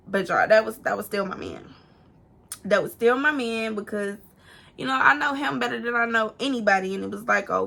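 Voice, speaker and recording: A young woman casually telling a personal story to camera, animated and profane, acting out what people said. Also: fairly high pitch, gravelly. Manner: animated, swearing, acts out quotes in a raised voice. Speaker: storytime vlogger.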